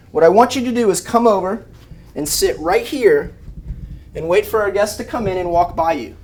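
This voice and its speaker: A man, an animal behavior trainer giving a lively live talk to rescue volunteers and acting out everyday scenes. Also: high-pitched. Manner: animated, acts out scenes with shouted mock voices.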